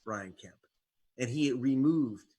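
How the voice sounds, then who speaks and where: A man, an investigative reporter and author, talks slowly as an interview guest, his medium-pitched voice mellow and breathy. He spins stories wryly, jabbing sarcastically along the way.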